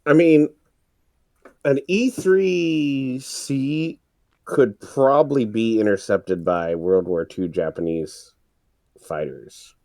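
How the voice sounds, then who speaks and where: A man making laid-back, deadpan remarks while riffing on a movie. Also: mid-range voice, takes it slowly, no echo.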